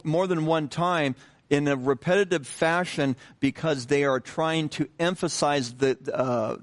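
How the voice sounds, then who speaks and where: Unhurried man preaching a casual sermon. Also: on the high side. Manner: unhurried, repeats himself with many fillers and restarts; conversational, asks the congregation questions. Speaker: pastor.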